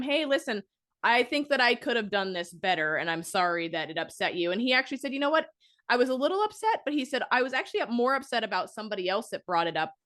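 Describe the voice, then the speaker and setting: Woman, podcast host, casual storytelling, blunt, swears, animated quotes. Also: on the low side. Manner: rambling, frank, swears, lively when quoting people. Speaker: podcast host and fitness coach.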